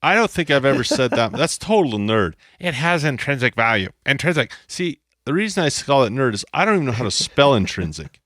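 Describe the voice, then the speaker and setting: A man's voice: mid-range voice, very animated, a little fast, few pauses, fairly bright tone, no room sound, clean studio sound. A man teaching a lesson at a board, playful and self-mocking, often repeating his phrases. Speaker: instructor. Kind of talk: explaining on a whiteboard.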